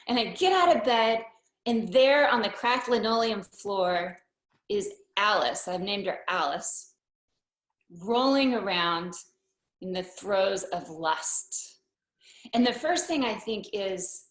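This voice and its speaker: A woman tells a personal story on stage, taking her time over each phrase. Her humor is dry, and she delivers her asides deadpan. Her voice carries a roomy echo from the hall. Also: medium pitch, slow.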